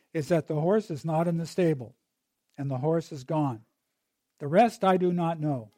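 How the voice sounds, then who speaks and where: A man voicing a wise, calm old woodcutter who answers his neighbors with patient questions. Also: on the high side, dry recording, clean studio sound.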